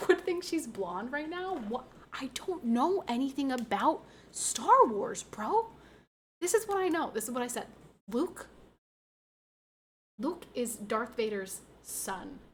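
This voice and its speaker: A woman's voice: high voice, very animated, slow pace, a little hiss or hum. A young woman streaming a casual chat, sleep-deprived, rambling and giggling often.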